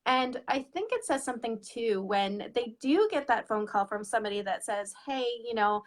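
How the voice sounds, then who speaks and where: A woman co-hosting a casual chat about money, talking in a chatty, animated way and acting out what people say. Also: fairly high pitch, moderate pace. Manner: chatty, animated, acts out quoted voices. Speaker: money coach, co-host.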